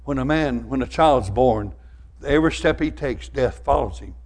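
A man's voice: medium pitch, normal speed. Fervent older preacher man. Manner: fervent preaching that swells louder, with repeated words. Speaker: pastor. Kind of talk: sermon.

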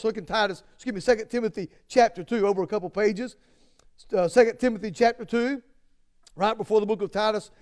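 Delivering a sermon full of personal anecdotes, this pastor has a smooth voice that sits high. His speech stumbles with fillers and restarts, then climbs to forceful high points.

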